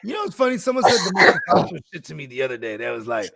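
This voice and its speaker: A man's voice: fairly high pitch, sing-song, very fast, vocal fry, a loud crowd. A man co-hosting a podcast, talking in a loose, profane, slangy way. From California. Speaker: podcast co-host. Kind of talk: casual chat.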